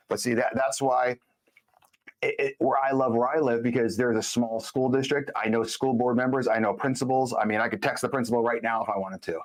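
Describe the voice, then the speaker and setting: A man as a podcast guest, speaking bluntly and emphatically in casual conversation, telling stories with quick asides. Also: medium pitch, steady tone.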